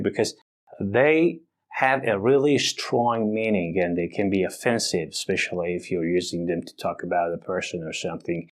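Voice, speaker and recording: A man teaching an English vocabulary lesson, speaking deliberately and exaggerating the stress on words for emphasis. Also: lowish voice.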